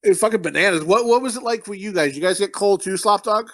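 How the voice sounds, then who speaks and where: A man's voice: high-pitched, fast talker, fairly bright tone, no echo. A man from Connecticut hosting a podcast in casual, profane, rambling banter. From Connecticut, USA. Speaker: podcast host.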